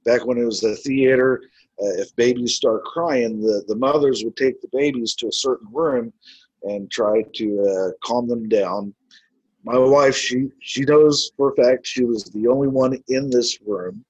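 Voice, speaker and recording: A man's voice: medium pitch, unhurried, darkish tone, husky, no echo, lo-fi sound. A man who investigates the paranormal, telling his stories in a casual, rambling way with many filler words. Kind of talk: casual storytelling.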